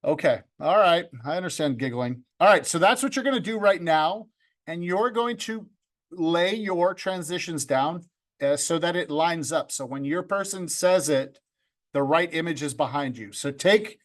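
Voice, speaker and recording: In an online video-editing class, a video club instructor speaks at a moderate pace in an expressive voice on the high side. He's upbeat and playful, talks to students by name, and broadcasts from a home room with a green screen.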